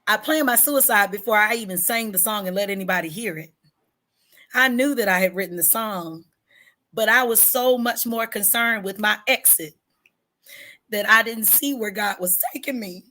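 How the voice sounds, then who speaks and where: A woman's voice: mid-range voice, normal speed, sharp tone. A woman, a singer-songwriter, telling a personal story in an interview in an earnest, emphatic way, stretching words to stress them. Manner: candid about hard personal struggles.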